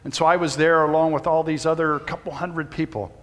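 A man's voice: fairly high pitch, fairly even intonation, a little fast. A man, preaching a sermon and telling a personal story in a folksy way. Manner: folksy storytelling, shouts when reenacting. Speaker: pastor. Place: church sanctuary. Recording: reverberant church hall.

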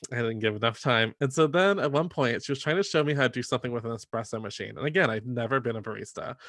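A man's voice: medium pitch, no echo, studio quality. Chatty man telling a story. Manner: animated, lots of "like" fillers, acts out quoted voices. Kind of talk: casual storytelling chat.

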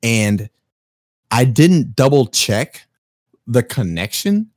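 A man from Chicago spins a long, profane story on a casual podcast. His pitch swoops widely as he acts out the people in it. His voice sits dry and close on the mic, at an ordinary male pitch. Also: takes it slowly, no room sound. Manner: animated, profane, acts out quotes in big pitch jumps.

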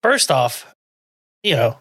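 A man's voice: medium pitch, big pitch swings, takes it slowly, creaky, a bit bright, slightly rough, no room sound, clean studio sound. A man co-hosting a podcast, trading crude jokes full of swearing and laughing a lot. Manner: profane, joking, laughs often. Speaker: podcast co-host. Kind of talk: casual crude podcast banter.

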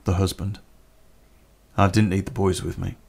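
Gravelly man telling a story. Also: low voice, little pitch movement, a little mellow. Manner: plain-spoken, unhurried, with pauses. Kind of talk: personal story told to a podcast.

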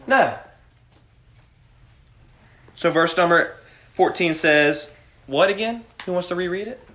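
Youth Bible study teacher, man, high-pitched, preachy, questions the group, echoey room. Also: slow, fairly bright tone. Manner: preachy, asks the group questions, calls on students by name.

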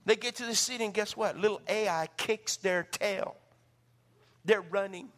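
A middle-aged male pastor preaching a sermon, telling stories in an animated way and acting out the voices. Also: high-pitched, measured pace. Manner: animated storytelling, acts out voices.

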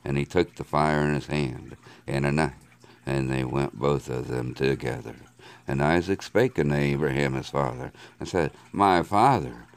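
Extremely deep-voiced man reading scripture. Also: creaky. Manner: measured, steady reading of archaic scripture. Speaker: Bible reader.

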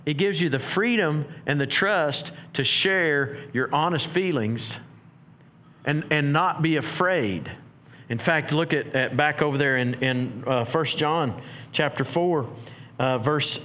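A man's voice: a little high, takes it slowly, sharp tone. A middle-aged man, a pastor preaching a sermon in a conversational way, often restarting his sentences.

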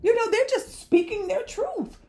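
A woman leading a heartfelt faith-based discussion, talking earnestly with a preacher-like cadence and drawn-out emphasis. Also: very high voice, expressive, dark tone.

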